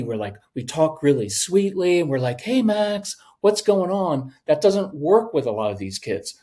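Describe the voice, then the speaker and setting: Middle-aged man telling lively stories. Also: mid-range voice. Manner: animated, acts out voices in anecdotes. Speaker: podcast guest. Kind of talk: storytelling in a conversation.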